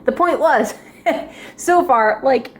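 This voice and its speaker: A woman's voice: high voice, animated, slow, slight background noise. A young woman chatting casually as she reviews a drama, rambling and giggling often as she goes.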